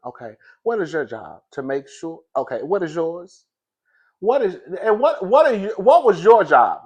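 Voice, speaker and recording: A man telling a comic story in a lively way, laughing often and saying "girl" in almost every line. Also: a little high. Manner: animated, laughs often, says "girl" constantly. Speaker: comedic commentator.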